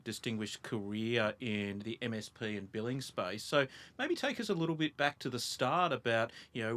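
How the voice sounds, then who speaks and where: Male podcast co-host, average pitch, casual friendly question setups. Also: a bit bright. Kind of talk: casual interview talk.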